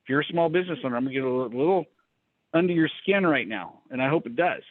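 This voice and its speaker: A blunt, animated man on a mastermind call tells a cautionary story and mimics people in a higher voice. He sits a bit high for a man. The sound is dry and tinny, like a phone line. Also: quick pace, no echo. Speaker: business coach hosting a mastermind call. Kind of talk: casual storytelling talk.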